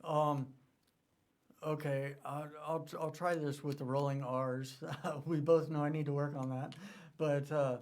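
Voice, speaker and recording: A man hosting a podcast, talking earnestly with many pauses and fillers. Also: on the high side, level tone, darkish tone. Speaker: podcast host. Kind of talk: casual interview chat.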